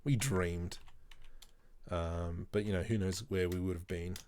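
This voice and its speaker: Man in his thirties, slightly low voice, chatty livestream host who mutters to himself mid-task. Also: fairly even intonation, a little slow, darkish tone, slight background noise. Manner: rambling, chats to himself while working. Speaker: 3D artist streaming. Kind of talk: casual livestream commentary.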